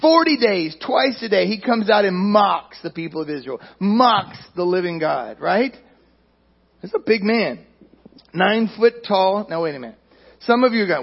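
A man's voice: high-pitched, animated, normal speed, vocal fry, breathy edge, muffled recording. A man preaching a sermon in a conversational way, putting questions to his congregation. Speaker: pastor.

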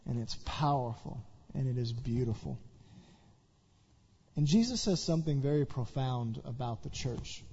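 A man's voice: medium pitch, normal speed, vocal fry, mellow, husky, highs cut off. A man from Tennessee, a pastor giving an earnest, heartfelt church talk and leading prayer. He stumbles over his words and repeats them.

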